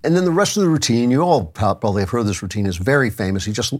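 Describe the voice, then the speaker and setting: A man's voice: mid-range voice, sing-song, very fast, slight background noise. A man hosting his own podcast, giving a conversational lecture with asides and reading an ad. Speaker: podcast host. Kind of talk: monologue and read ad.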